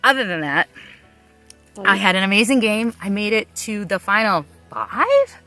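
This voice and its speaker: A woman's voice: mid-range voice, big pitch swings, normal speed, pushed and bright, soft background music. A woman speaking as a reality game contestant in a candid confessional, frank and blunt, swearing freely.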